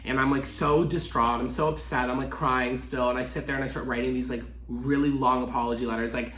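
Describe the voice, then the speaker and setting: Fast-talking dramatic young man storyteller. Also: steady tone, fairly bright tone. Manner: dramatic, swearing, acts out quotes in high voices. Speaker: vlogger. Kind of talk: casual storytelling. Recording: echoey room with faint music.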